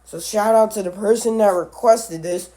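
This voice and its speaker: A man who is a little sick, talking casually through a book about animals, often halting and correcting himself as he goes. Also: high voice, warm tone. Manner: halting, self-correcting, stumbles over names. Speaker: animal video creator. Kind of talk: casual book read-along commentary.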